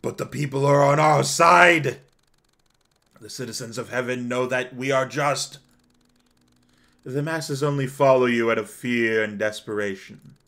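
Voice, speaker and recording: A man's voice: medium pitch, measured pace, gravelly, fairly bright tone. A man reading out a game's story while voicing a desperate male angel council member who stammers and pleads. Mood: panicked pleading.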